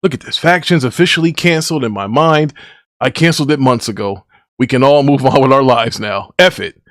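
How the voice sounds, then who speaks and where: A man's voice: medium pitch, brisk, fairly bright tone, no room sound, studio quality. A man hosting a casual gaming podcast, ranting and trash-talking with a boastful edge. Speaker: podcast host.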